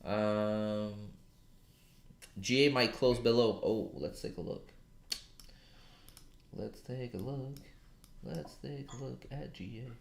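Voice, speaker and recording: A man with a fairly low, darkish voice talks to his audience during a live trading session as he goes over charts. He's casual and slang-heavy, and the recording has a roomy feel.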